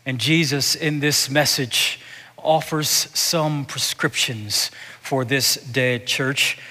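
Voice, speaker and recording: A male pastor preaching a sermon. He repeats and restarts words and swings from hushed to loud. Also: mid-range voice, steady tone, slow. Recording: echoey hall reverb.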